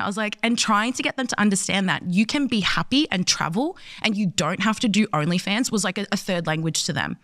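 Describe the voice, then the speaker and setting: A woman's voice: mid-range voice, expressive, fast talker, hardly any pauses, a bit bright, no echo. Woman in her 20s, earnest interview guest, acts out quotes, dry close sound. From Australia. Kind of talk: passionate conversational storytelling.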